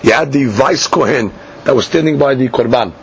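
A man teaching a Talmud class. He reads each line slowly and then explains it in plain English. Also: mid-range voice, vocal fry. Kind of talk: Talmud class, reading and translating. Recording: dull lo-fi class recording with faint hiss.

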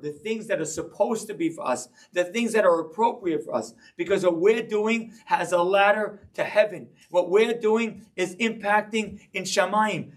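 A man giving a sermon-style Torah class, telling stories with animated delivery and acting out voices in them. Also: sits high, distant mic. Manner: animated storyteller, acting out a child's voice. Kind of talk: sermon with storytelling.

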